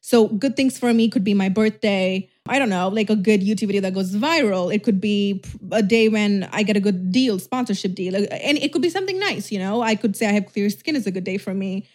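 A woman's voice: mid-range voice, a little fast, few pauses, a little mellow. A young woman telling a personal story on her vlog in a candid, rambling way, saying "like" often, restarting sentences and swearing casually. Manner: candid, rambling, heavy use of "like", frequent restarts. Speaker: YouTuber.

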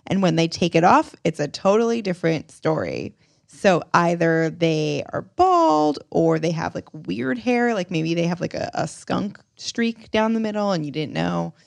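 A woman's voice: fairly low pitch, big pitch swings, unhurried, creaky, darkish tone, no echo. A young woman co-hosting a casual dating podcast, chatty, telling stories with giggles. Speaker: podcast co-host. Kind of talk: casual chat.

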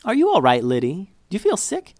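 A man's voice: high voice, wildly swooping pitch, a little fast, darkish tone, no room sound, voice pushed up, full character voice. Man putting on a kind motherly woman. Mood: soothing. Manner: soothing, caring.

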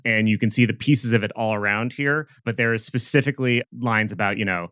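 A man narrating a tabletop game as guest game master, in a dry, deadpan way. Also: on the low side, a little fast, dry recording.

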